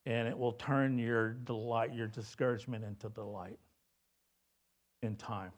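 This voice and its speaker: A male pastor preaching a sermon in a conversational way, often asking "right?" and swinging between loud emphasis and hushed lines. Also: medium pitch, flat delivery, unhurried.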